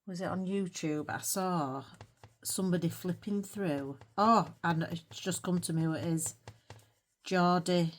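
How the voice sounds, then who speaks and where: Low-voiced chatty British woman. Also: unhurried. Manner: chatty and rambling, self-mocking, with little laughs. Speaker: colouring channel host. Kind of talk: casual chat while colouring.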